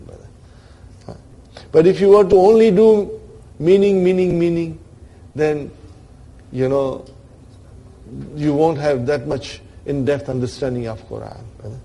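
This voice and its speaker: Raised-pitch man teaching grammar. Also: moderate pace, gravelly, long pauses, warm tone. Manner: checks in often with "are you with me" and "brother"; explains step by step with rhetorical questions. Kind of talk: classroom lecture.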